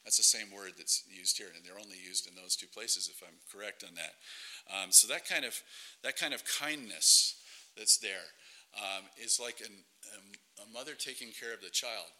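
A man's voice: on the low side, moderate pace, pushed and bright, low-quality recording. A man preaching a sermon in a conversational way, often asking rhetorical questions of his listeners.

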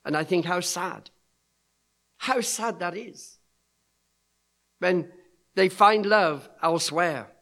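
A man's voice: high-pitched, a bit bright. A middle-aged man preaching, telling stories and acting out the voices of people he quotes. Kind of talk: sermon storytelling.

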